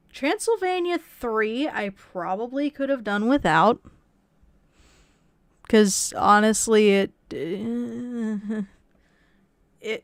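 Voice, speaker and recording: A woman voice actress chatting casually on a livestream, rambling with frequent restarts and soft laughs. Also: medium pitch, dry recording. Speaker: voice actress and streamer.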